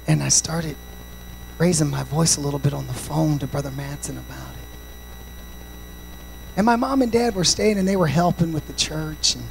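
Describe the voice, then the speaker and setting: A male pastor preaching a sermon, swinging from shouted, sing-song passages to quiet, confiding stories and dropping in "amen" and "praise God" often. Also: fairly high pitch, vocal fry, slight background noise, low-quality recording.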